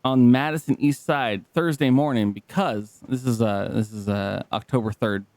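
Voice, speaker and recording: A man co-hosting a podcast in casual banter, excitable, laughing often and swearing freely. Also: mid-range voice, moderate pace, no room sound. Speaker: podcast co-host.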